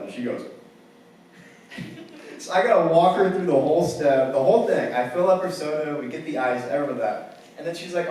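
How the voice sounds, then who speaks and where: A man's voice: a little high, a little fast, a little mellow. A young man doing a stand-up comedy set, telling stories in a wry, casual way with lots of "like". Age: young adult. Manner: casual, wry storytelling with filler "like". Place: campus theater stage before a live audience. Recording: very echoey hall from far off.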